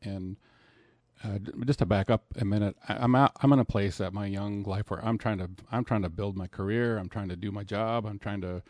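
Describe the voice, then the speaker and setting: Middle-aged man, podcast co-host, mellow and slightly low, halting and reflective, dry sound. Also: steady tone, no room sound. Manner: thoughtful, halting. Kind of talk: casual reflective chat.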